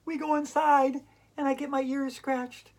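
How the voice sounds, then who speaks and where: A woman doing an excited, loud pet dog. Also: sits high, unhurried, pitched above the performer's own voice. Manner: loud, bouncy recitation.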